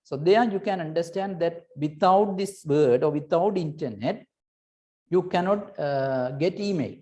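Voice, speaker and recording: A woman's voice: lowish voice, unhurried, dark tone. A woman teaching a recorded lesson, patiently explaining and checking in with "right?" between points, with hesitant restarts.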